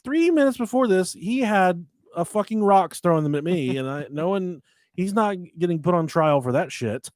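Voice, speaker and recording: Animated storytelling man, dry close mic. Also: high voice, normal speed, no room sound. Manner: animated, profane, acts out voices in stories. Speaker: podcast co-host. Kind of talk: casual storytelling chat.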